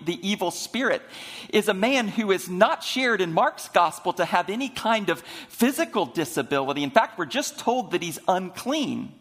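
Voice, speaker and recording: High-voiced preacher in a reverberant sanctuary. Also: male voice, a bit bright. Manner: storytelling preacher, slows down for emphasis. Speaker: senior minister. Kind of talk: sermon. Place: church sanctuary. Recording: long reverb of a large sanctuary.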